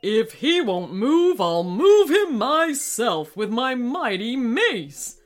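A woman voicing a pompous, furious male duck king in armor, shouting threats in a storybook. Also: fairly high pitch, big pitch swings, slow. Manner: shouting, blustering.

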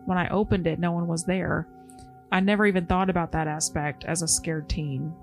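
A woman's voice: lowish voice, fairly even intonation, normal speed, faint music behind. A woman co-hosting a podcast, reading a paranormal story aloud and chatting casually; she calls herself easily scared. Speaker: podcast co-host.

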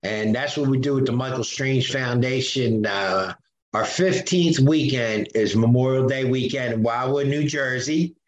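A podcast guest, an older man from Philadelphia, tells conversational stories at a measured pace in a medium-pitched voice. He acts out the voices he quotes, fills his speech with fillers, and stays animated. The recording sounds roomy and muffled.

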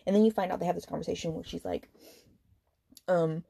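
Woman, book podcast host, lower pitch, dry recording, sarcastic rant, swearing, lots of fillers. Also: fairly even intonation, gravelly, dark tone, slightly rough, no echo. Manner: fast retelling with many fillers. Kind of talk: casual book review rant.

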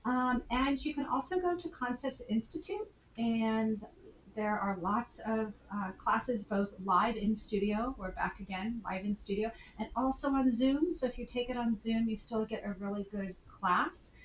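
A woman's voice: a little high, unhurried. Woman, skincare instructor, chatty and laughing, roomy dull audio, faint background hum. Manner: laughs often, explains clinically with fillers. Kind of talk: casual conversational interview.

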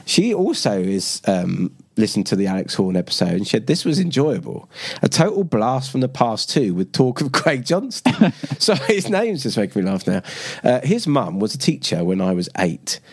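Lively man co-hosting a podcast. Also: medium pitch, normal speed, creaky, breathy edge, no room sound, studio quality. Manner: animated, laughs often, reads listener messages. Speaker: podcast co-host. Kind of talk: casual podcast chat.

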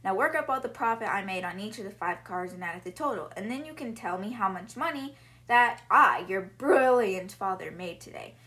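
A woman's voice: medium pitch, lively intonation, normal speed, bright, forceful tone. A woman voicing a boastful, bullying father who deals in used cars, in a casual storytelling way. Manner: blustering, accusing.

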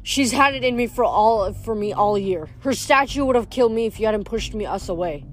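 A woman reading aloud, voicing a tough teenage girl fighter who grumbles bluntly in a low voice. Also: animated, brisk, faint music behind, close to an everyday voice. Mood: grim, tough.

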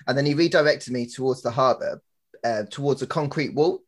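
Husky man telling a lively story. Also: mid-range voice, brisk. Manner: animated storyteller, laughs often. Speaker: podcast co-host. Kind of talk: casual chat. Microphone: laptop webcam and mic.

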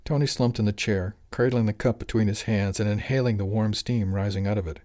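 A man reading a serialized audiobook with calm, steady narration. His voice sits low. The reading is even and unhurried. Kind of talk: scripted narration.

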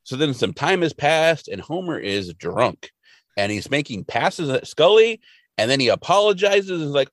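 A man's voice: a little high, moderate pace, no room sound. A man co-hosting a podcast, retelling an episode casually and acting out the quotes. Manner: animated storytelling, acting out quotes. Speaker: podcast co-host.

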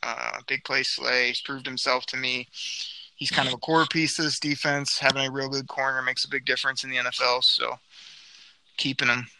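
A man co-hosting a casual sports podcast, hoarse and playful, breaking into loud shouted catchphrases. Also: medium pitch, level tone, fairly quick, rough recording. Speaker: podcast co-host.

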